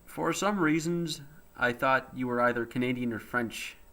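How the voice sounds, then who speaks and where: A man's voice: medium pitch, normal speed, a bit bright. A man in a casual livestream chat who makes blunt, teasing remarks.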